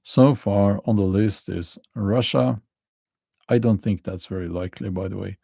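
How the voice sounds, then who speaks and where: A middle-aged man with a Norwegian accent, hosting a casual livestream and answering chat questions in a halting way, full of fillers and restarts. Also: on the low side, vocal fry, warm tone, husky, no echo. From Norway. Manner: halting, many fillers and restarts, chuckles dryly.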